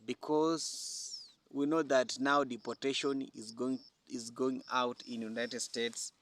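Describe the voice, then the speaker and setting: A man hosting a reaction video, commenting in a measured, deliberate way. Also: medium pitch, level tone, a bit bright.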